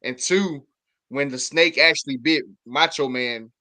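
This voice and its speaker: Earnest man, sharp mid-pitched voice. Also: unhurried. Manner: earnest, with frequent restarts and filler words. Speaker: podcast co-host. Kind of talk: casual podcast chat.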